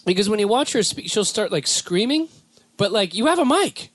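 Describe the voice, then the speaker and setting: This young Southern California podcast host rambles through casual comedy with animation, lapsing into silly impressions. His voice is high-pitched, his speed normal, and there's no echo.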